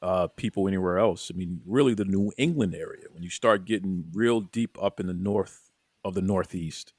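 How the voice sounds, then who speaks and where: A man with a Boston accent hosting a casual podcast interview, energetic and folksy, often repeating his words. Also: low-pitched, normal speed, no room sound, clean studio sound. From Boston, USA. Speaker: podcast host.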